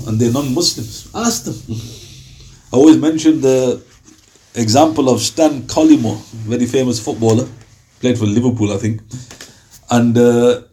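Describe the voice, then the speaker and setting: A man's voice: medium pitch, mellow. A man giving an informal Islamic talk, talking conversationally and acting out little dialogues with rhetorical questions. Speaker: Islamic preacher.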